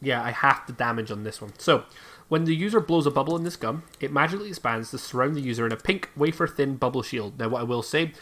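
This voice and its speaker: A game master narrating a tabletop game in a relaxed, rambling way, with many fillers while reading item lists. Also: medium pitch, quick pace.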